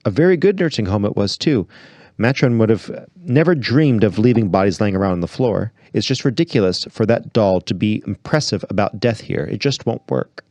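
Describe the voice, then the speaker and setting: A man reading aloud and voicing a joyful heavenly lady who speaks slowly and tenderly. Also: on the low side, lively intonation, darkish tone, dry recording. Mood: serene joy. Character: radiant joyful heavenly lady, gentle and serene.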